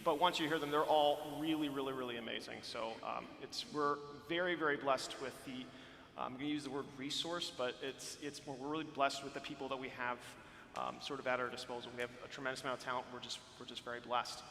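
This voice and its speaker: Bright-voiced man in an echoey church. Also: medium pitch, steady tone, quick pace, gravelly, a little hiss or hum. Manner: friendly, rambling, many fillers and restarts. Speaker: church music director. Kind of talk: live-streamed informational talk. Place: large church interior. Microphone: handheld or stand microphone. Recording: echoey hall, faint room ambience.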